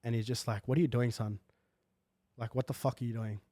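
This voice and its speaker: A man's voice: mid-range voice, fairly even intonation, a little fast, warm tone, no echo, clean studio sound. A young man telling a personal story in a casual, slangy podcast chat full of fillers. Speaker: guest. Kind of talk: candid podcast conversation.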